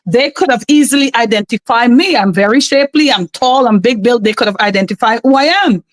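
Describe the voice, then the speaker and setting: Woman, guest testimony, earnest and emphatic, faith-driven, slightly high voice, dry close sound. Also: brisk, dry recording, rough recording. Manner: earnest, emphatic, often invoking God. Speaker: podcast guest. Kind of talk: personal testimony.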